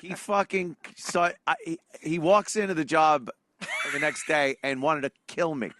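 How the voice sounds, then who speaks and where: A man hosting casual comedy chat, bantering with laughs and loud impressions. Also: a little high, steady tone, unhurried, no room sound. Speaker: show host.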